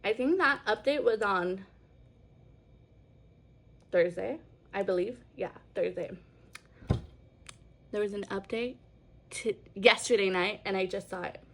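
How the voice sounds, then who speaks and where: A woman's voice: medium pitch, unhurried, gravelly, long pauses, a little hiss or hum. Chatty woman retelling a story. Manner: chatty, lots of fillers. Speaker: vlogger. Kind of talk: casual storytelling vlog.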